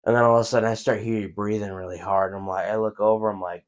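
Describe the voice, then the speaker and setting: A young man co-hosting a podcast, telling a story in casual chat, animated and swearing a lot. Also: fairly low pitch, rapid-fire, lo-fi sound. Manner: animated storytelling, heavy swearing, acts out reactions. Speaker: podcast co-host.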